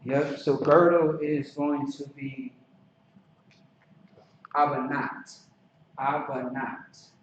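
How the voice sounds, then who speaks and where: A man teaching a language class in a relaxed, halting way, with many fillers and restarts. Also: medium pitch. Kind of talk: casual classroom instruction. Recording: echoey, distant, dull lo-fi recording with some noise.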